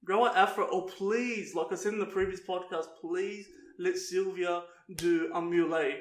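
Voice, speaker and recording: Man, casual podcast chat, frequent laughter, says bro, high-pitched, roomy echo. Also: steady tone, moderate pace. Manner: laughs often, swears, calls people bro. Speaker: podcast co-host.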